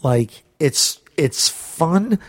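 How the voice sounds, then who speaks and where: Husky man, eager casual chat. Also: a little high, lively intonation, no room sound. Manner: enthusiastic, halting, filler-heavy.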